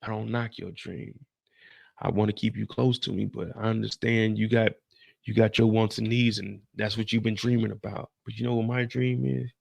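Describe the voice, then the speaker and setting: A man's voice: on the low side, flat delivery, moderate pace, vocal fry, no room sound. A man playing an earnest young street hustler. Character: ambitious young male drug dealer, earnest and blunt.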